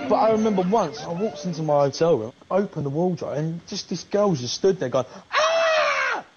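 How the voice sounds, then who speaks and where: A man's voice: on the high side, brisk, very noisy. A man, a pop singer, telling stories in an interview and acting out the scenes with animation. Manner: animated storytelling, acts out scenes. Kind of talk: documentary interview. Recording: dull TV audio with music.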